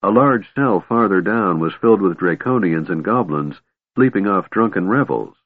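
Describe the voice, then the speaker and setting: A man reads a fantasy story in a measured, steady way, his low voice somewhat husky. The recording is dry and closely miked, with a thin, phone-like band that cuts the lows and highs. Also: no room sound. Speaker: audiobook narrator. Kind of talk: scripted fantasy narration. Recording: tinny narrow-band recording.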